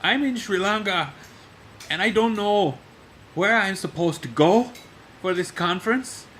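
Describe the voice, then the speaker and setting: A man's voice: high voice, normal speed, bright, forceful tone, slight background noise, voice pushed up. A man mimicking his vain, demanding boss in a raised, pompous, indignant voice. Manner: pompous, self-satisfied, then whiny and indignant. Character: vain, demanding middle-aged male boss.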